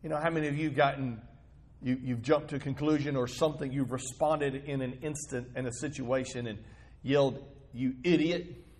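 A man's voice: medium pitch, steady tone, normal speed, darkish tone. A male pastor giving a sermon in a conversational, storytelling manner, asking the congregation rhetorical questions.

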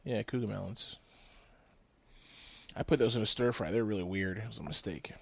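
A man's voice: fairly low pitch, normal speed, vocal fry. A man in casual podcast chat, rambling and profane, jumping between stories.

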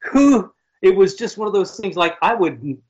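A man's voice: high-pitched, sing-song, normal speed, a little mellow. Rambling man on a dull lo-fi line. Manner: rambling with many restarts. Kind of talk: casual storytelling chat.

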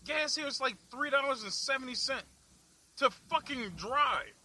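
A young man rants from behind the wheel, his voice high and cutting. He swears constantly and snorts at his own complaints. Faint background noise rides under his voice. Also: lively intonation, moderate pace, sharp tone, rough recording. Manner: angry, foul-mouthed, laughing at himself. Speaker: vlog host. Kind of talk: profane ranting while driving. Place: in a car in the city.

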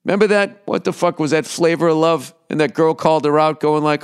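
A man's voice: a little high, fairly quick, clean tone. A man hosting a comedy podcast, rambling through profane asides with mock outrage in a casual rant.

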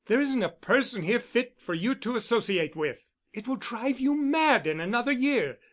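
A man's voice: very high voice, lively intonation, moderate pace, a bit bright, pitched above the performer's own voice, full character voice. A man reading the part of a persuasive, insistent suitor who speaks with urgent, coaxing force.

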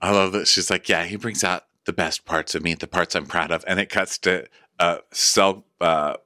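A man co-hosting a comedic TV recap podcast, campy and quick-witted, chatting casually. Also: low voice, fairly even intonation, bright, forceful tone, no room sound, studio quality. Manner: campy, quick-witted, acts out cast members' quotes. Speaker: podcast co-host.

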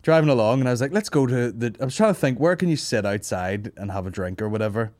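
A man's voice: mid-range voice, expressive, fast talker, darkish tone, no echo, clean studio sound. A Northern Irish man in his thirties hosting a comedy podcast, telling a long, sweary story and laughing his way through it. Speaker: podcast host. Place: studio office.

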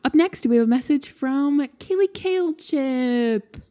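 A young woman co-hosts a podcast in casual, gushing chat. She is emphatic and laughs often, and her voice is mellow and warm. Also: high voice, animated, measured pace. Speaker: podcast co-host.

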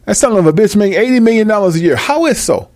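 A man giving a freewheeling, profane Bible commentary, brash and mocking, swinging between loud outbursts and low mutters. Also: expressive, quick pace. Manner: brash, mocking and full of cursing. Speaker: self-styled preacher.

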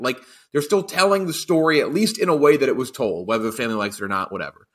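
A man in a casual movie podcast chat, animated and exasperated, swearing freely. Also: on the high side, racing, hardly any pauses, breathy edge.

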